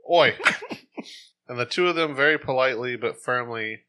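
A man's voice: mid-range voice, normal speed, clear, resonant tone. A man co-hosting a podcast, chatting casually and retelling a story between frequent laughs. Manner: laughs often, jokey, animated. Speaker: podcast co-host.

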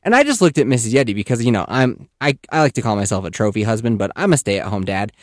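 A man in his thirties tells a rambling personal story as a podcast host, casual and animated, dropping swear words and breaking into little character voices. His pitch swoops up and down freely as he talks. The sound is close and dry, with no room echo. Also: fast.

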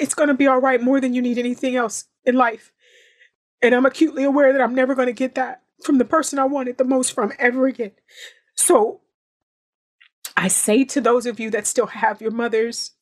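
Earnest, emphatic woman, slightly high voice. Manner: earnest, emphatic, repeats phrases for effect. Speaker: guest actress. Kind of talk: heartfelt podcast conversation.

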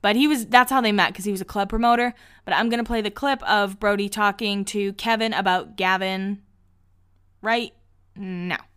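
A woman's voice: medium pitch, fairly even intonation, moderate pace, a bit bright, clear, resonant tone. A woman hosting a podcast, recapping a show in a casual, chatty way with lots of 'like'. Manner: chatty, heavy use of 'like', laughs often. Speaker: podcast host.

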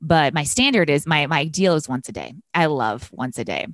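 A woman's voice: sits low, expressive, a little fast, no room sound, clean studio sound. A woman, a business coach, chatting casually as a podcast guest and listing her daily routine with enthusiasm. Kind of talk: casual chat.

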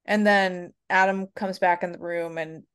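Podcast co-host, woman, lowish voice, hesitant, full of fillers and restarts. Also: steady tone, measured pace, fairly bright tone, clear, resonant tone. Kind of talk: casual chat.

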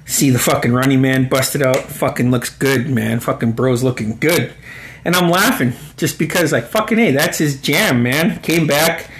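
A man's voice: mid-range voice, normal speed, a bit bright. Man in his forties telling profane stories. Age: 40s. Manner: profane, laughing, rambling. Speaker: storyteller. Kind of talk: casual spoken storytelling.

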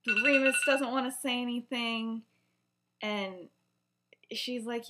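A woman's voice: a little high, flat delivery, takes it slowly, pauses often, sharp tone. A young woman co-hosting a podcast, casually retelling a story with lots of fillers and acted-out quotes. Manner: chatty, many fillers, acts out quotes. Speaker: podcast co-host.

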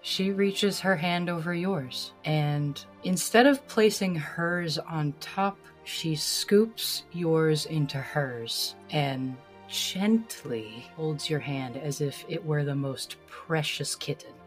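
Woman game master, low and unhurried, faint music bed. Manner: slow, descriptive second-person narration. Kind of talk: narrating a tabletop game.

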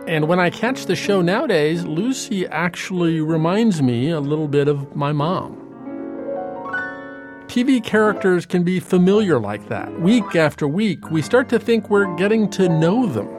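An American man narrating a documentary in a measured, reflective tone. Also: high voice, expressive. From United States. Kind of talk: scripted narration. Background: music.

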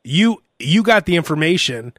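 A man's voice: on the high side, big pitch swings, moderate pace, fairly bright tone, no room sound, clean studio sound. A man hosting a casual podcast chat, laughing often and acting out what people said. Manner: laughs often, acts out quotes. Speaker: podcast host.

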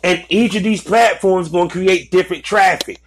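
A man's voice: high-pitched, normal speed, slight background noise. A man giving blunt, profane business advice in a casual, ranting commentary. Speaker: vlogger giving advice to content creators.

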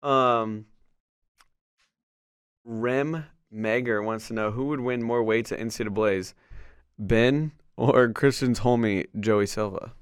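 A man hosting a casual chat, relaxed and easygoing, reading out questions from listeners. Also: mid-range voice, slow pace, long pauses, smooth, dry recording, clean studio sound. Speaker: podcast host reading audience questions.

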